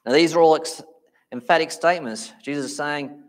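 A man preaching a sermon, speaking emphatically and slowing down to stress key phrases. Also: on the high side.

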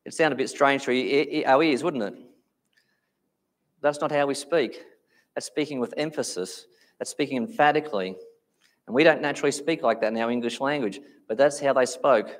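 Male preacher, sermon delivery, emphatic, drags out key words, mid-range voice. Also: mid-range voice. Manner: emphatic, slows down on key phrases.

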